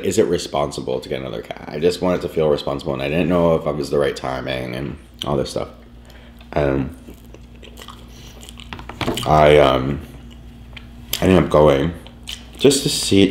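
Very deep-voiced man telling a story. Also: unhurried, pauses often, a little hiss or hum. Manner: rambling, filler-heavy, lots of "like". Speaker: vlogger. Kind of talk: casual storytelling. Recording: echoey room.

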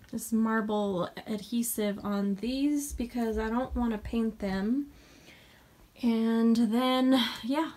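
A woman filming a casual room-tour vlog at home, chatty and rambling with lots of fillers. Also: fairly high pitch. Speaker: home decor vlogger. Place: bedroom at home.

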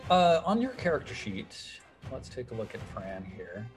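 A man running an old-school tabletop game as game master, upbeat and animated as he narrates and cheers on the players. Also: mid-range voice, normal speed, faint music behind.

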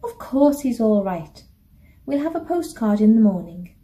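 A woman's voice: a little high, very animated, unhurried, dark tone. A woman voicing a boy, the older brother, who explains things in a matter-of-fact, teasing but reassuring way, reading from a storybook.

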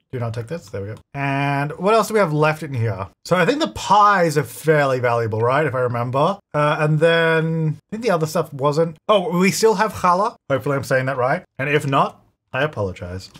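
Male let's-play host with a slightly high, bouncy voice; chatty, excitable, talks back to the characters. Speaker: gaming channel host. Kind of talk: casual gameplay commentary.

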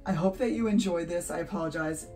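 A woman's voice: on the low side, fast talker, darkish tone, soft background music, low-quality recording. A woman hosting an art channel, talking casually to her viewers, emotional and teary, gushing and laughing often. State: teary, sniffly. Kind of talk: casual vlog talk to camera.

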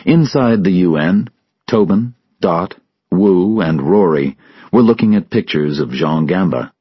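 Man, very low voice, husky, expressive pitch, slow measured narration, slightly muffled dry recording. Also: no echo. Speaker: audiobook narrator. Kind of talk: scripted story narration for English learners.

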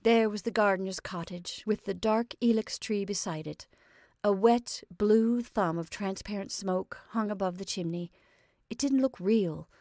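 A woman hosting and reading a story aloud in calm, measured narration. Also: medium pitch, no room sound, clean studio sound. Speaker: host and reader.

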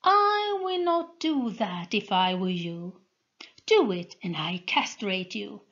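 A cold, commanding young noblewoman with witch powers, played by a woman reading a storybook, delivering her threats slowly and haughtily. The voice sits in a middling pitch and moves at an unhurried pace. The recording is dull and lo-fi. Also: animated, fairly bright tone. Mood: cold, scornful. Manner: icy, slow and haughty.

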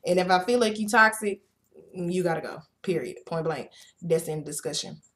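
A woman's voice: medium pitch, fairly bright tone. A woman in her twenties giving a casual, emphatic motivational talk as host of her own show, chatty and full of "like" and "literally". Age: 20s.

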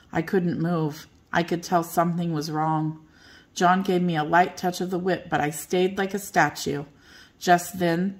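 Older woman reading a bedtime story. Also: fairly low pitch.

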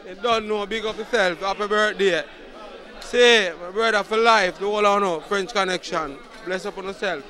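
Brief: high bright-voiced Jamaican guest, patois blessings. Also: male voice, moderate pace. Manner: blessings and shout-outs in patois.

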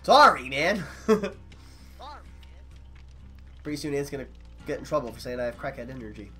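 A man's voice: medium pitch, sing-song, moderate pace, sharp tone, soft background music. A man streaming and trading goofy, profane banter with friends on a desk mic. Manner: goofy, joking, swears freely.

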